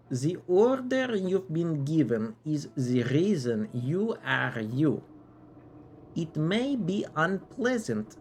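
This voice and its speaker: Guy doing a solemn old bucket knight, grand archaic talk, accent keeps drifting, slow and drawn out, bit of hiss behind. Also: medium pitch, gravelly, dark tone. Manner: shifting silly put-on accents, grand and archaic. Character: aged male Bucket Knight, solemn keeper of promises.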